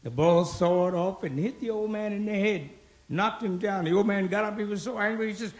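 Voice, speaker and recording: A man doing stand-up, telling old-school jokes with a gravelly voice and jumping high in pitch for the people in his stories. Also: fairly quick, darkish tone. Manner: old-school punchline delivery, jumps up in pitch for quoted characters. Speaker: stand-up comedian.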